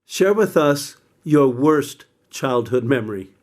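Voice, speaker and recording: A man interviewing, asking plain, measured questions. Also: medium pitch, expressive, a little mellow.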